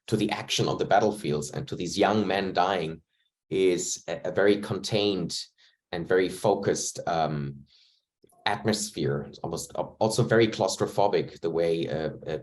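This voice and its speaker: A man's voice: sits low, darkish tone. A man, an actor reflecting at length in an interview over a video call, choosing his words carefully. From Germany. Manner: thoughtful, searching for words, measured.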